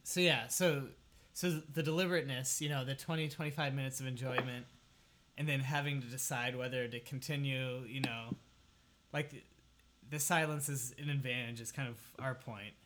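A young man hosting a casual talk, halting and filling pauses while he asks questions. Faint noise sits behind his voice. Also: medium pitch, steady tone. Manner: hesitant, full of fillers, asks questions. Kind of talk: casual chat.

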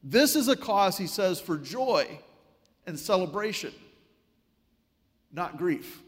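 Guy preaching a sermon, kinda high voice, telling a funny story, big echoey hall sound. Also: slow pace. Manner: storytelling, wry and animated.

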